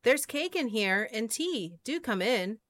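A cozy, welcoming mother hedgehog from a storybook, soothing and cheerful with a lively, lilting pitch, as a woman reads her. Bright, crisp tone with no room sound. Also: a little slow, no room sound.

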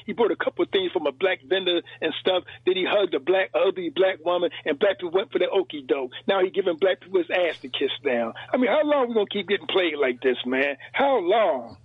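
Fast heated caller on phone. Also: male voice, high-pitched, lively intonation, breathy edge, dry recording. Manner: heated, rapid, repetitive ranting. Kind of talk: call-in radio rant. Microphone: telephone. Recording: dry, tinny phone line.

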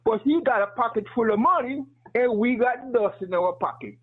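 A man's voice: extremely high pitch, expressive, normal speed, husky. A man calling in to a radio talk show, speaking earnestly and persuasively with a noticeable accent and rhetorical questions. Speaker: caller. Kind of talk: call-in radio comment. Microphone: phone. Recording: tinny phone line.

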